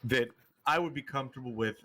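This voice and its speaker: A man's voice: mid-range voice, fast, sharp tone, slight background noise. A man co-hosting a casual fantasy football podcast, hesitating and thinking aloud over his picks. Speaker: podcast co-host.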